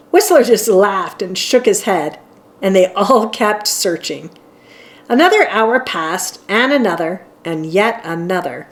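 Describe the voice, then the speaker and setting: A woman reading a children's chapter book aloud, gentle and expressive. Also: medium pitch, unhurried. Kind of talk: storybook read-aloud narration.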